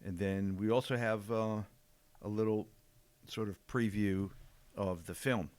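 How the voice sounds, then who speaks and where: A man's voice: lowish voice, steady tone, measured pace, darkish tone, clear, resonant tone, no room sound. An older man co-hosting a podcast, chatting casually and easygoing, often trailing off mid-sentence. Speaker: podcast co-host, jiu-jitsu black belt.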